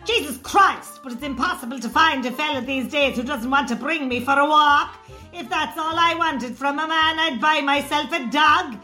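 A woman's voice: high voice, pushed and bright. A woman playing a blunt, exasperated rural Irish caller with a Cork accent, in a comedy sketch.

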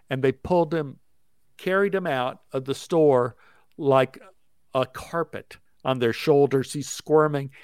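A man, an actor, telling a story in a rapid, breathless way and acting out what people said. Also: mid-range voice, clear, resonant tone, no room sound, studio quality. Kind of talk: animated anecdote telling.

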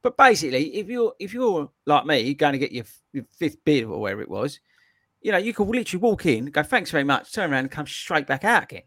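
A man hosting a running podcast, telling stories in an excitable, animated way. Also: fairly high pitch, fast talker, dry recording, studio quality. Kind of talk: casual chat.

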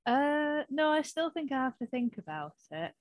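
A woman's voice: high-pitched, sing-song, normal speed, no echo. Northern English woman, young, close dry sound, dry and jokey. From North of England. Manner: dry, jokey, laughs between lines. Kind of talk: casual chat.

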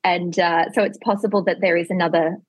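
An Australian woman, an author guest on a podcast, chatting warmly with a self-deprecating, laughing manner. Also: fairly low pitch, fairly even intonation, brisk, dry recording, low-quality recording. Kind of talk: casual interview chat.

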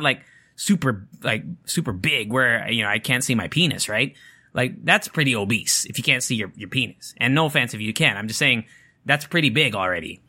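Man, casual vlog chat, bright lively voice, rambling, swears, smoking while talking. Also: medium pitch. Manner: rambling, joking, swears freely. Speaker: vlogger.

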